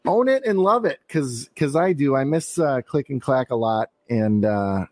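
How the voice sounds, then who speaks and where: A man's voice: medium pitch, expressive, a little slow, no echo. Rambling man full of fillers. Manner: rambling with many fillers, sudden bursts of enthusiasm. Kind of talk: casual podcast conversation.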